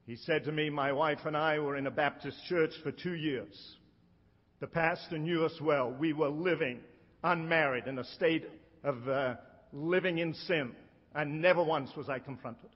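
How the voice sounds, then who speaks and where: A middle-aged man preaches a sermon with emphatic weight, slowing right down on the lines he wants to land. His voice is a little high and his tone steady. A long reverb makes it sound like a big hall, and the audio is a little dull and muffled.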